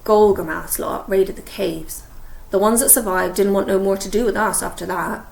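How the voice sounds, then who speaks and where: A woman voicing a huge gruff half-giant groundskeeper with rough country speech. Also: mid-range voice, fairly even intonation, moderate pace, darkish tone, reverberant, close to an everyday voice. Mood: weary.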